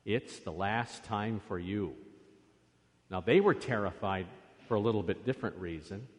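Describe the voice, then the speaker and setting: A priest giving a children's sermon in a church, coaxing the children along with lively questions. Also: male voice, lowish voice, normal speed. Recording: long reverb of a church.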